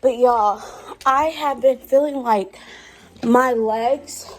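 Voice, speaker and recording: A young woman vlogging casually to her viewers from her car, expressive and exasperated, calling them y'all. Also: fairly high pitch, slow. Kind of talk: casual vlog talk to camera. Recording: background music under voice.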